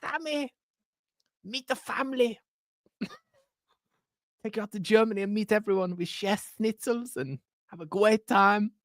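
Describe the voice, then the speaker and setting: A man's voice: sits high, unhurried, pauses often, a bit bright, dry recording, clean studio sound, voice pushed up. A man doing an impression of a doting, fatherly middle-aged football manager, who talks in a coddling, sing-song way.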